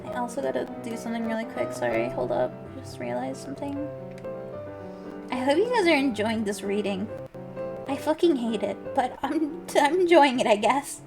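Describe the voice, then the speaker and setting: Woman streamer with a gravelly fry, reading fan fiction aloud on stream, tripping over words and cursing, faint music behind. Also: on the high side, sing-song, normal speed. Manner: stumbles over words, laughs and swears while reading.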